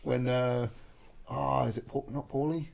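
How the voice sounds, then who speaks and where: A man's voice: medium pitch, steady tone, measured pace, creaky, heavy background noise. A man hosting a podcast, telling an anecdote in casual slang and swearing freely. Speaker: podcast host. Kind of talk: casual chat, storytelling.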